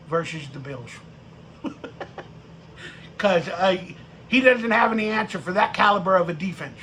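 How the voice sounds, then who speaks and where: A man hosting a live-stream fan rant about football, profane and mocking, with bursts of shouting. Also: high voice. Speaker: sports podcast host.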